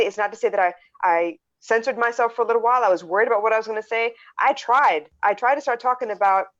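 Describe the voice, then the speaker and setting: A woman co-hosting a live podcast, animated and blunt, acting out the quotes she tells. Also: mid-range voice, muffled recording. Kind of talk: live-streamed podcast talk.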